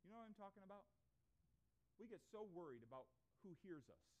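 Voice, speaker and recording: Pastor with a high voice, preaching earnestly to his congregation. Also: big pitch swings, fairly quick. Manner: earnest preaching with rhetorical questions. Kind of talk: sermon. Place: church before a congregation.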